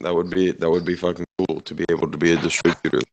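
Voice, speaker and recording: A man's voice: deep voice, level tone, quick pace, dull audio, slight background noise. A man in casual chat on a voice call, telling rambling, profane stories and laughing often. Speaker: podcast host.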